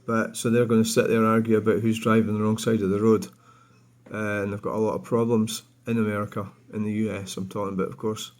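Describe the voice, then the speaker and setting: A man's voice: lowish voice, little pitch movement, quick pace, darkish tone. Blunt Scottish man in his fifties. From Scotland. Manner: blunt, rambling, sweary. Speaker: vlogger. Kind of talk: reading and answering viewer comments.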